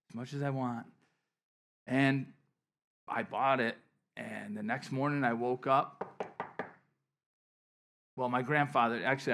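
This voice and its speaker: A middle-aged man from western New York preaching in a loose, storytelling way. His voice sits in a middle pitch, falling quiet for asides and climbing louder when he drives a point home. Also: a little hiss or hum. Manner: conversational storytelling preacher, swings from soft asides to emphatic bursts. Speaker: pastor. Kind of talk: sermon.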